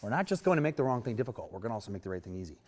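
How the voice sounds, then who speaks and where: A man giving a hands-on lesson as a horse trainer, with coaxing, rhythmic repeated cues and soft praise. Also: lowish voice, very animated, rapid-fire. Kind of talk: hands-on instruction.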